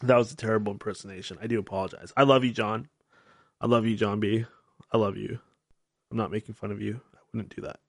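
A man's voice: fairly low pitch, fairly even intonation, fast, gravelly, dry recording, clean studio sound. A man hosting a radio-style podcast, talking in a rambling, candid, self-mocking way and swearing freely. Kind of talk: casual solo talk-show monologue.

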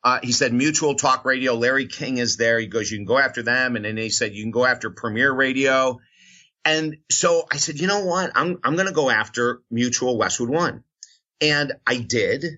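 Male radio host, bright tone, animated storyteller, muffled lo-fi audio. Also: medium pitch, moderate pace. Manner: animated storyteller acting out quoted voices. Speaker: radio host and motivational speaker. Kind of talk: storytelling interview answer.

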